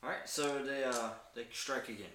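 A man narrating as game master in a tabletop game, relaxed and laughing often. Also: medium pitch, normal speed, echoey room, noisy background.

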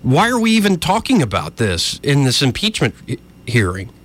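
A man's voice: mid-range voice, huge pitch swings, moderate pace, fairly bright tone. A man giving argumentative political commentary, addressing his listeners directly. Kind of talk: opinion commentary.

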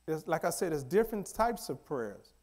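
A man preaching a sermon, emphatic and repetitive, swinging between loud declarations and quiet asides. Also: a little high, big pitch swings, normal speed.

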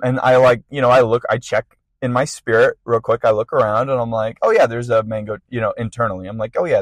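A young man casually telling a lively personal story on a podcast, full of fillers and laughter. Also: mid-range voice, dry recording. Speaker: podcast guest sharing a testimony.

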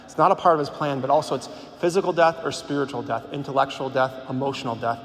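A man's voice: medium pitch, steady tone, quick pace. A man giving an informal sermon, talking conversationally with lots of "like", repeated words and rhetorical questions. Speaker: speaker at a Catholic gathering. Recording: long hall reverb, faint background noise.

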